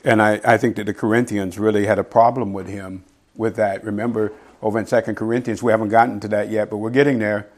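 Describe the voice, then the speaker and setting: A middle-aged man preaching a sermon in a conversational teaching style, reading scripture slowly and asking his listeners "right?". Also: fairly low pitch, flat delivery, a little mellow. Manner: quotes scripture slowly and deliberately. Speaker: pastor.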